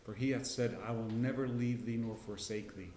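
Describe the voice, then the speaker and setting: A middle-aged man teaching a casual Bible class, folksy and rambling, with frequent restarts and throat clearing. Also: mid-range voice, steady tone, normal speed, mellow, reverberant, a little hiss or hum. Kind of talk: casual Bible lesson with personal story. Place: church classroom.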